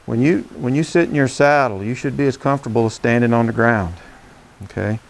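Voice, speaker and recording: This horsemanship instructor talks fairly quickly in a gravelly, medium-pitched voice. Working hands-on with a saddle next to his horse, he keeps things folksy and plain, checking in with "okay?" as he goes.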